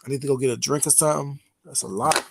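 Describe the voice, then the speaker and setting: A man's voice: medium pitch, steady tone, quick pace, creaky, very noisy. A man hosting a casual late-night livestream, gossiping with his chat in a teasing way and laughing often. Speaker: livestream host talking to chat.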